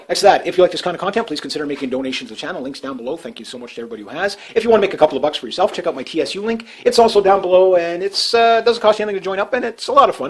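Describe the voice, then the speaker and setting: A Canadian man rambling through casual commentary on his channel, full of fillers and restarts, his voice often trailing off quietly. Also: fairly high pitch, low-quality recording. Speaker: vlogger.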